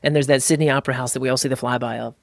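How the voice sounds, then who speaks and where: A man's voice: mid-range voice, fairly even intonation, rapid-fire, creaky, crowd noise. An American man co-hosting a casual podcast, talking bluntly and energetically, often mimicking other voices. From United States. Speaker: podcast co-host.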